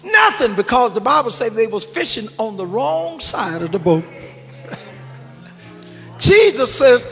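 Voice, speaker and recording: A pastor with a very high, bright, forceful voice preaches to his congregation, calling out to them and dropping to hushed asides. His voice rings through a large church hall with a long reverb tail, and soft organ music plays under him. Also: very animated, slow, vocal fry, pauses often. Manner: preaching with call and response, swinging from shouts to low murmurs. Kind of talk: sermon.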